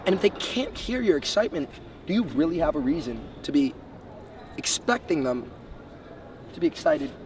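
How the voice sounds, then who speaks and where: A man's voice: on the high side, very animated. A young man from the Bahamas giving emphatic, step-by-step motivational sales coaching. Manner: brisk, emphatic, lays out numbered steps. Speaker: sales trainer. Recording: distant mic, faint street noise.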